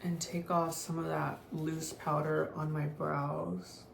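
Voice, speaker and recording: A woman's voice: low voice, little pitch movement, slow pace, creaky. A young woman chatting casually through a makeup tutorial, full of "like" fillers and offhand remarks. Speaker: beauty vlogger. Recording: echoey room, faint noise.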